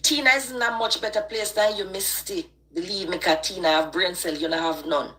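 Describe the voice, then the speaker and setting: Her voice fairly low and sharp, a little fast, this online live-stream host has a Jamaican accent. She launches into a passionate rant, emphatic and preachy throughout.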